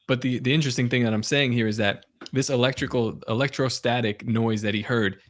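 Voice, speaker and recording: A man hosting a podcast, relaxed, telling a story with lots of fillers. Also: medium pitch, fairly quick. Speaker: podcast host.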